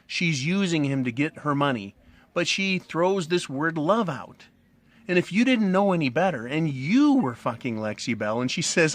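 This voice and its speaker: Fairly high in pitch with big swings, a middle-aged man speaks at normal speed. The commentary channel host smokes a cigar through a casual, crude, blunt, rambling monologue to camera, repeatedly asking "right?"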